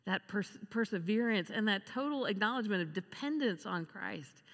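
A woman preaching a sermon, expressive, acting out the voices she quotes. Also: mid-range voice, moderate pace. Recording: long reverb of a large hall.

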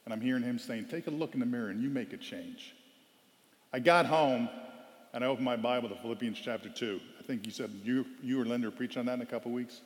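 A man giving a storytelling sermon as a guest speaker, animated and loudly acting out quoted lines. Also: medium pitch, fast. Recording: long hall reverb.

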